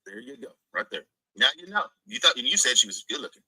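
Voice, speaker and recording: A man's voice: medium pitch, big pitch swings, quick pace, vocal fry, sharp tone, breathy edge, dry recording, poor audio. A man in casual stream chat, talking bluntly and emphatically with some swearing.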